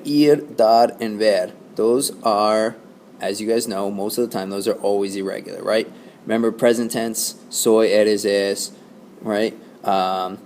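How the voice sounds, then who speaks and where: Slow, low-voiced man teaching a lesson. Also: a little mellow, slight background noise. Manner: explains patiently, checks in with "okay?" and "right?". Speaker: Spanish teacher. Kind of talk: recorded classroom lesson.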